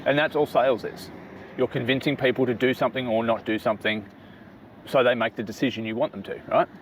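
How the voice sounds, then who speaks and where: A man's voice: medium pitch, steady tone, quick pace, a little hiss or hum. A middle-aged man casually giving business advice to his daughter, explaining step by step and often asking "right?" to check she follows.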